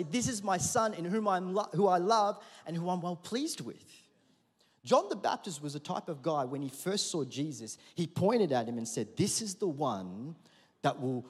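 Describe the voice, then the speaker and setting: Male pastor, fairly high voice, conversational sermon that builds to loud peaks, big hall reverb. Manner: conversational preaching, rising to loud emphatic peaks.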